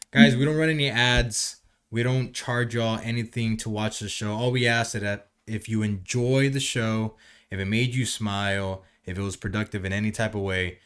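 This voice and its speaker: Male podcast host, lowish voice, easygoing rhetorical-question delivery. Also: a bit bright. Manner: conversational, asks rhetorical questions. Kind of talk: casual podcast chat.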